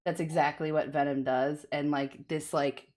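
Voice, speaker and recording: A woman's voice: sits low, flat delivery, normal speed, a little mellow. A woman player in a tabletop game, describing her character's actions in a rambling way, full of filler words. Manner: rambling, many filler likes, laughs between actions. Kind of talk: narrating a tabletop game move.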